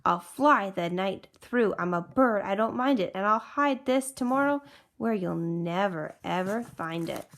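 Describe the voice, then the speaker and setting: A woman voicing a mighty, gruff male eagle with a dismissive manner, in a storybook reading. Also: medium pitch, expressive, measured pace, a bit bright.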